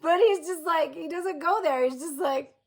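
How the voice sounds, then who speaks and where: A woman's voice: extremely high pitch, moderate pace. A woman in her forties talking frankly in a casual monologue to her listeners. She laughs easily and keeps checking in with them by asking "okay?". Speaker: host.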